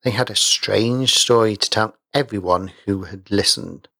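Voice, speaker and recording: A man reading a story aloud in a measured storytelling manner. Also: lowish voice, vocal fry, bright, forceful tone, dry recording, clean studio sound. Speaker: narrator. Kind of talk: audiobook reading.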